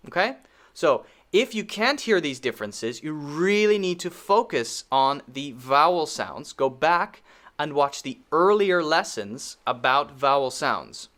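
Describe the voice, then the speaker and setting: A man with a slightly high voice teaches pronunciation at an unhurried pace. He drills word lists slowly and deliberately, repeating each word so the vowel is clear. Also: big pitch swings, fairly bright tone. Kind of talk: recorded pronunciation lesson.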